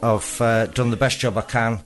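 A man's voice: mid-range voice, steady tone, moderate pace. A nervous man hosting a casual podcast chat, laughing often and swearing freely. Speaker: podcast host. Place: podcast studio. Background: music playing.

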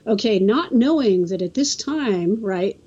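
A woman from California's Central Coast, a guest telling a story in a casual, halting way, often restarting and acting out the quotes. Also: mid-range voice, lively intonation, dark tone, husky, lo-fi sound. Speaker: interview guest.

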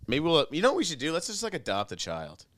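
A man's voice: a little high, huge pitch swings, quick pace, a bit bright, no echo. A man co-hosting a casual podcast chat, talking loosely with plenty of swearing and laughter. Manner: loose and profane, laughs often. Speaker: podcast co-host. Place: house in Austin.

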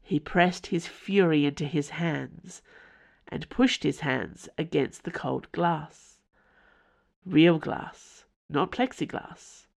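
A woman's voice: deep voice, slow, gravelly, a little mellow. A woman author from Tasmania, reading her fiction aloud as podcast narrator. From Tasmania, Australia.

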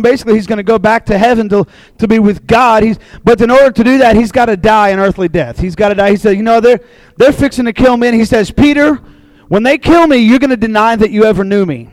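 A man preaching a casual sermon to a group, telling a Bible story in a chatty, animated way. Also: extremely high pitch, fast talker, no echo, rough recording. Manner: chatty and animated, acting out voices in quotes. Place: room with a live audience.

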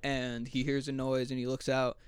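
A man's voice: mid-range voice, normal speed, clean tone, dry recording. A man on a podcast casually and animatedly retelling comedy movie scenes. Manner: animated storytelling, acts out movie lines. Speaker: podcast co-host. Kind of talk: casual chat.

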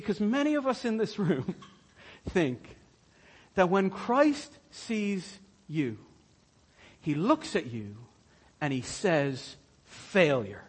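A man with a high, husky voice preaching a sermon in a church. He talks slowly and lets his voice drop to a hush, then climbs loud and soaring. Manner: swings from hushed and slow to loud and soaring. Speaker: pastor.

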